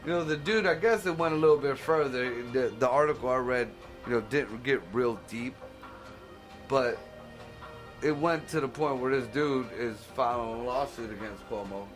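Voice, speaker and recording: A man hosting a show, ranting casually, swearing constantly, laughing and bursting into loud shouts. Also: mid-range voice, moderate pace, soft background music. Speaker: podcast host. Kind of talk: profane casual rant.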